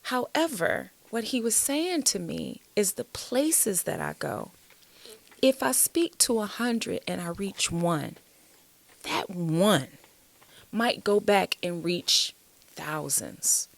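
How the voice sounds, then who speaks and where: Animated woman poet, lively and gravelly. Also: medium pitch, slow pace, dry recording. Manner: animated, uplifting, preacher-like cadence. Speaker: guest, spoken word poet. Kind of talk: casual interview talk.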